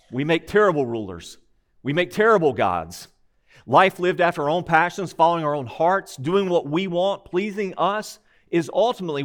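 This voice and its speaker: Man preaching with a lively, higher voice. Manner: emphatic, measured preaching with rhetorical questions. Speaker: pastor. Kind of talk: sermon.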